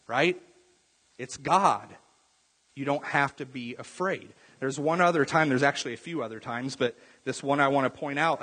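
A man preaching in a large church hall, his slightly raised voice carrying a husky edge. He is animated and conversational, putting questions to the congregation, and falls to quiet intensity on key points. The hall's long reverb trails every phrase. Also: a little high. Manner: asks the congregation direct questions. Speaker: pastor. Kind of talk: sermon.

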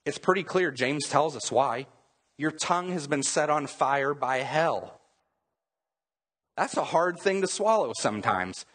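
A man's voice: fairly high pitch, fairly bright tone, slightly rough. Emphatic man preaching in a reverberant hall. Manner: repetitive, emphatic preaching with restarts. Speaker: pastor. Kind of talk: sermon.

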